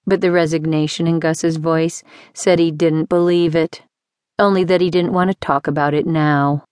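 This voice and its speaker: A woman narrating a first-person audiobook in a measured, even storytelling manner, recorded in a studio. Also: low-pitched, smooth, dry recording.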